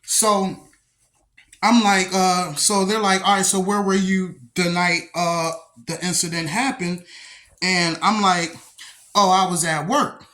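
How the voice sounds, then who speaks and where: A man's voice: high-pitched, slow pace. A young man casually telling a story from his own life, profane and streetwise, acting out the dialogue as he goes. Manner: profane, streetwise, animated retelling with acted-out dialogue.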